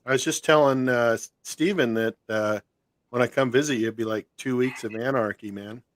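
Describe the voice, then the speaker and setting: A man hosts a loose, chatty video call, cracking jokes and laughing between lines. His voice sits at an ordinary middle pitch. The sound is dry and close. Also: moderate pace, dry recording. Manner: joking, laughs often. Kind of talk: casual video call chat.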